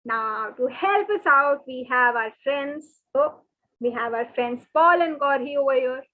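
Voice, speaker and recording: A woman teaches in an online lesson, her voice high and bright in pitch. She is patient and says every word slowly, over and over. The sound is thin and narrow, like a phone line. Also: animated. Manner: patient, repeats each word slowly and often. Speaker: French teacher. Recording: thin phone-like webinar audio.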